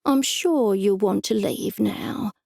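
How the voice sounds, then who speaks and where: A woman's voice: medium pitch, slow pace, vocal fry, darkish tone, dry recording, clean studio sound. Woman doing an effusive, fussy male accountant. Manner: effusive and eager.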